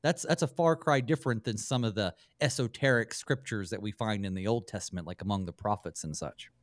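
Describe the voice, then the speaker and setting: A man's voice: on the low side, brisk, no echo. A man, a pastor, hosting a radio Bible study show and chatting with fillers and restarts.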